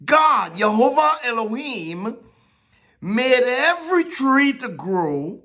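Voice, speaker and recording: Slow, bright-voiced Bible teacher. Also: medium pitch. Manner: animated, keeps checking in with "okay?" and "right?". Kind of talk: conversational sermon.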